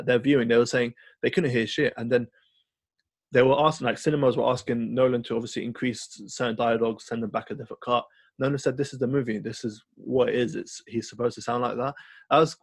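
A man co-hosting a podcast, chatting casually and rambling through an animated story with lots of fillers. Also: mid-range voice, vocal fry, breathy edge, dry recording. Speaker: podcast co-host. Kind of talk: casual film chat.

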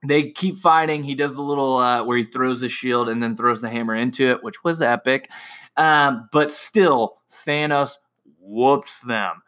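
A young man excitedly recapping a film in a casual, rambling way, full of fillers and restarts. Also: mid-range voice, measured pace. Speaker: movie reviewer.

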